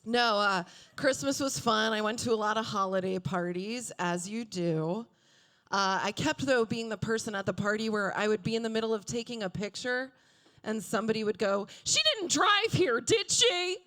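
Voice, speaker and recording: A woman in her thirties doing a stand-up comedy set on a club stage, with deadpan asides and acted-out quotes. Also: medium pitch, normal speed. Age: 30s.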